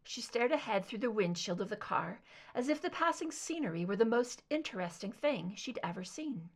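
Woman reading a story with lively intonation. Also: fairly high pitch, moderate pace, breathy edge. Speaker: audiobook reader. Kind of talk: fan fiction reading.

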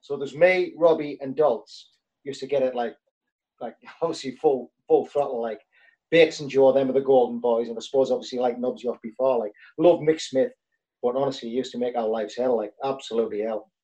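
A man's voice: mid-range voice, fairly even intonation, a little fast, dark tone, muffled recording. A man, a former footballer telling rambling anecdotes with lots of fillers in casual chat.

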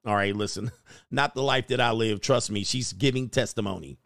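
A middle-aged man talks through his commentary in a loose, slangy, sermon-like way, breaking into laughter now and then. His voice sits at an ordinary pitch. The room sound is dry and close. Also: moderate pace, vocal fry, a bit bright, no echo. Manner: slangy, preachy, laughing asides. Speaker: host. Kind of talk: casual commentary.

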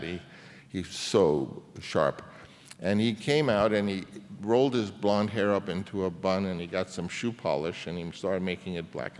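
Man in his 70s, guest storyteller, lowish voice, rambling with restarts, hall reverb. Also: slight background noise. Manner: rambling, with many restarts and fillers. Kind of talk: anecdotal storytelling in a public conversation.

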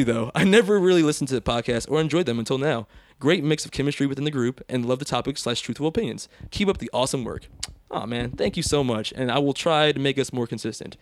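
Reading listener reviews out loud, this male podcast host keeps the conversation casual and laughs frequently. His voice is medium-pitched, recorded with no room sound.

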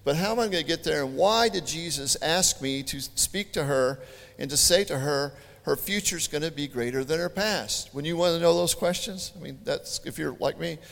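A man preaching a sermon, telling stories in an animated, chatty way with joking asides. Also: a little high, normal speed, gravelly. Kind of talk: storytelling sermon. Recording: long hall reverb.

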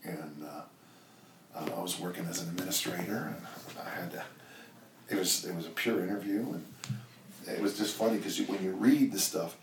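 An older man with a very low voice talks in a loose, rambling way, circling back with "you know" as he tells his stories. He sits back from the mic in an echoey room, with faint ambience behind him. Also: normal speed, pauses often, distant mic, background noise. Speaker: strength coach and guest. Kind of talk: casual interview storytelling.

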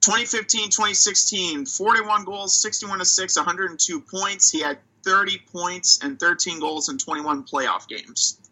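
Bright-voiced man chatting hockey. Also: sits high, moderate pace, few pauses, rough recording. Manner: thinks aloud, restarts and hedges, reads stats off a site. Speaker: hockey podcast co-host. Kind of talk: casual chat.

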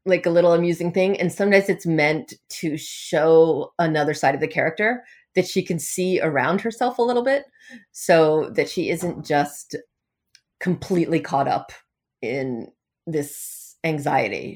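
A woman novelist answers questions about her writing in an easy, conversational way. Her voice sits low, and she keeps a wry, self-deprecating humor with frequent small laughs. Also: unhurried. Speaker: novelist guest. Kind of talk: casual interview answers.

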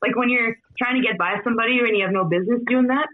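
A woman with a Canadian accent chats as a guest from her bedroom, relaxed and quick to laugh. Her voice sits high. It comes through thin and tinny, like a phone line on a video call. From Saskatchewan, Canada. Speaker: podcast guest. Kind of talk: casual chat.

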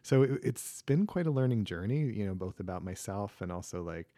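A man's voice: lowish voice, animated, fairly quick, mellow, no room sound, clean studio sound. A middle-aged man, a yoga teacher, talking in a casual interview with a thoughtful, reflective manner and many fillers.

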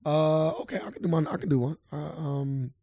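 A man cohosting a casual podcast chat, easygoing and teasing, with a gravelly edge and dry jabs. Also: a little high, steady tone, a little fast, mellow, no room sound. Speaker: podcast co-host.

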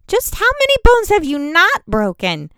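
A woman's voice: high voice, expressive, fairly quick, creaky, clear, resonant tone, no room sound, clean studio sound, voice pushed up. A woman reading the lines of an anxious young woman who keeps questioning in disbelief. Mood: incredulous. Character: anxious young woman mage, worried and incredulous.

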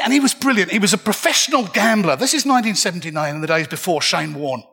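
A man's voice: high voice, animated, fast, pushed and bright, slightly rough. An older man telling a comic, self-mocking story live on a festival stage. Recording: reverberant hall.

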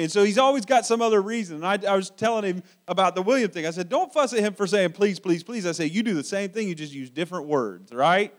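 High-voiced man preaching conversationally. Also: animated, quick pace, hardly any pauses. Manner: conversational, repeats words while searching for phrasing. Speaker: pastor. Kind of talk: sermon.

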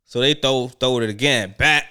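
A man telling a school story in casual chat, animated and laughing, acting out the people he quotes. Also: mid-range voice, normal speed, clean tone. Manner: animated, acts out voices in quoted lines, laughs often.

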